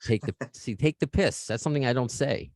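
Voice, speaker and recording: A man's voice: mid-range voice, brisk, darkish tone, no room sound, studio quality. An American man hosting a podcast over a video call, chatting in a joking, self-mocking way. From United States. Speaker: podcast host. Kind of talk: casual chat.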